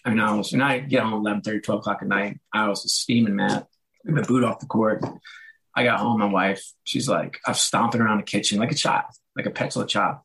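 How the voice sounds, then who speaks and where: Hoarse middle-aged man telling stories. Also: on the low side, fairly quick, rough recording. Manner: animated, acts out quoted voices. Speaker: author and guest. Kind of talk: casual interview storytelling.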